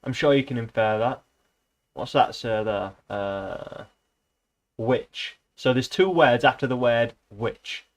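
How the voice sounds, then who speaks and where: A man with a mid-range voice takes it slowly as he streams himself reading a novel aloud, stopping for sarcastic, sweary asides.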